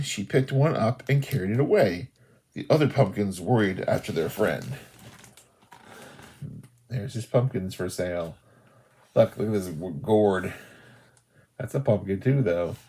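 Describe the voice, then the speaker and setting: A man, a children's librarian, doing an animated storytime read-aloud and talking to young children. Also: on the low side, slightly rough. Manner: animated, sing-song, talks to young children.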